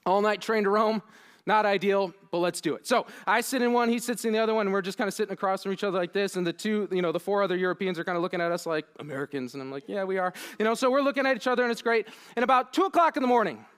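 A young man giving a conference keynote, telling a funny story and acting out his own lines with lively, self-deprecating energy. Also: sits high, very fast, smooth. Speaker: keynote speaker. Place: conference hall.

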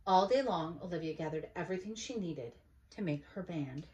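A woman, a mother, reading a children's storybook aloud in an expressive, unhurried way. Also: lowish voice.

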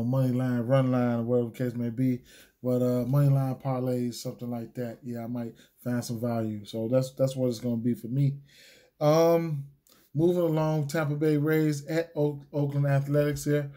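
A man's voice: medium pitch, dark tone. A man giving sports betting picks in a casual solo video, rambling with lots of fillers, restarts and slang. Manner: laid-back slangy talk. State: hiccups.

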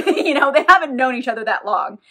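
A woman's voice: high-pitched, animated, fairly quick, bright, forceful tone. A woman giving a casual, sarcastic recap of a novel, with wry asides and some swearing. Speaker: book reviewer.

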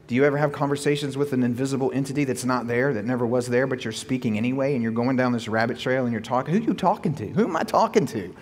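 Male pastor, slightly husky, lively sermon delivery with rhetorical questions, echoey hall. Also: medium pitch, quick pace, hardly any pauses.

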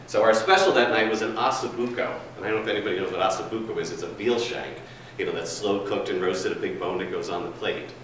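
A man with a lowish voice rambles through a chatty story, full of fillers, before shifting into running a staff training session. He stands well away from the microphone in a big, very echoey room. A faint hiss of noise sits underneath. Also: quick pace, hardly any pauses, fairly bright tone, distant mic. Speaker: food and beverage trainer. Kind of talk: storytelling, then presenting to a room.

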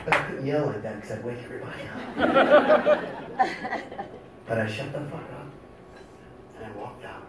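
A man telling a profane story on stage, shifting from hushed confession to shouting. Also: medium pitch, fast. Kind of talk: live storytelling monologue. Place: small music club, indoors. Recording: echoey, distant, noisy club recording.

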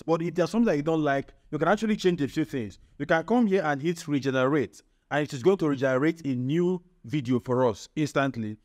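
A man hosting a screen-recorded software tutorial. He keeps checking in with the viewer with a quick "right?". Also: on the high side. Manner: chatty, repeats "right?" to the viewer. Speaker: tech tutorial host.

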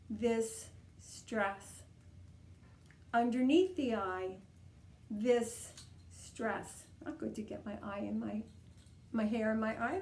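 A woman leading a guided tapping session, coaching calmly and repeating each step. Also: a little high. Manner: calm, repetitive, coaching tone. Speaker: EFT tapping practitioner. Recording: echoey room.

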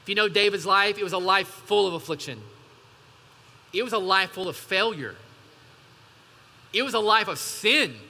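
A man's voice: high-pitched, animated, normal speed, pauses often, bright, forceful tone. A male pastor, preaching a sermon with emphatic call-and-response asides to his congregation. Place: church hall. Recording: church hall reverb.

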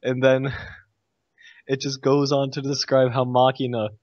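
A man's voice: medium pitch, little pitch movement, takes it slowly, a little mellow, no echo. A young man casually ranting about a game, exasperated and sarcastic, with frequent sighs. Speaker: gamer recounting a game. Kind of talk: casual rant to camera. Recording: dull lo-fi dry recording.

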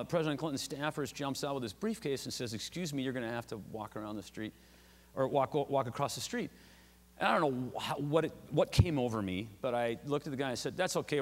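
A man giving a lecture, an animated, loud storyteller joking with the audience through a stage microphone. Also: medium pitch, in a large hall. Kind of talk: anecdotal public talk. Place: large lecture hall.

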